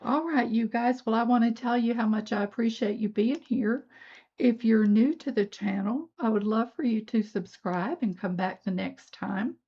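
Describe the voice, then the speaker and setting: Older woman, Southern accent, folksy crafting talk, unhurried, slightly muffled audio. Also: mid-range voice. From North Georgia. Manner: folksy, chatty, talks while working. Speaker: beading channel host. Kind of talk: crafting tutorial narration.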